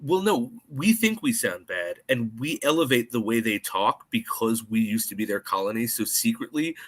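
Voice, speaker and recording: An American man co-hosting a podcast, chatting casually and eagerly about a spy film and slipping into quick mock voices. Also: medium pitch. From United States. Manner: animated, puts on mock voices in quotes. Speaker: podcast co-host.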